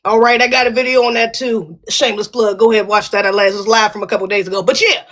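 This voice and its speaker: A woman's voice: mid-range voice, fairly even intonation, fast, a bit bright. A woman co-hosting a live podcast, giving blunt, emphatic commentary in a casual way. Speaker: podcast co-host.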